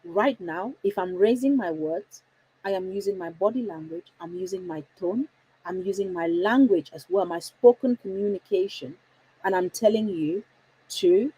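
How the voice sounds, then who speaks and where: A woman coaching parents, talking emphatically and deliberately changing her tone and pace to stress key points. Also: mid-range voice, dark tone, slightly rough, poor audio. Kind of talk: instructional talk to parents.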